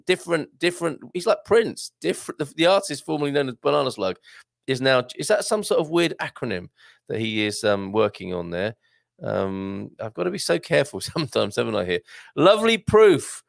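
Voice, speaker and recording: Chatty male host, gravelly and lively. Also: mid-range voice, dry recording, studio quality. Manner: chatty, jokey, with tag questions. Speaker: live show host. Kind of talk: casual live-stream chat reading comments.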